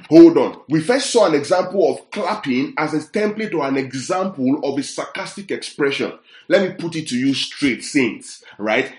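A man preaching with emphasis in a fairly high voice, working through scripture and pausing often to ask if his listeners are following. His voice carries a roomy echo around it. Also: animated. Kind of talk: Bible-teaching sermon. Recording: roomy echoey sound.

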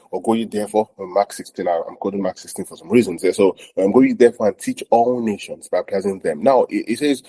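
A man's voice: on the low side, warm tone, low-quality recording. A man preaching a teaching sermon, repeating points and checking in with listeners, with many fillers. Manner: repetitive, checks in with listeners often. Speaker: pastor.

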